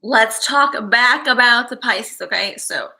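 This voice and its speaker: Bright-voiced woman with vocal fry. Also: a little high, a little slow, rough recording. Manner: rambling, conversational, full of "you know" and "okay?" asides; addresses viewers as "guys". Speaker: astrology vlogger. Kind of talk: casual talk to camera.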